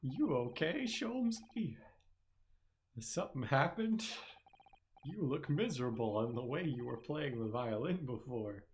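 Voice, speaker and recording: A man's voice: mid-range voice, expressive, unhurried, a little mellow, lo-fi sound, natural voice. A streamer voicing a cheerful, curious young girl with a raised, chirpy delivery. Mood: concerned.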